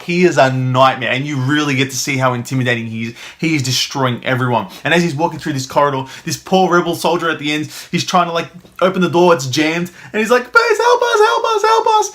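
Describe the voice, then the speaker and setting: A man's voice: mid-range voice, a bit bright. A young man giving an enthusiastic, casual film review, swearing freely and acting out the scenes.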